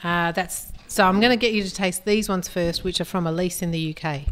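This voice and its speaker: A woman's voice: lowish voice, a little fast, background noise. A woman, hosting a casual podcast and leading a chip taste test with teasing chatter. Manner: chatty, teasing, runs the tasting. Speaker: podcast co-host. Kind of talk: casual chat.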